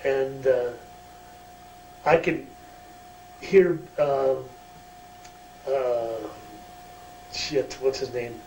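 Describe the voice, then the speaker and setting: A man's voice: medium pitch, very slow, long pauses, darkish tone. A man, a former wrestler, telling a backstage story in a shoot interview, profane and chuckling. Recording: roomy distant mic, faint hum.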